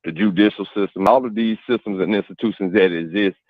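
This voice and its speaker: A man's voice: on the low side, quick pace, dry recording, highs cut off. A man on a radio panel giving an earnest opinion, thinking aloud as he talks.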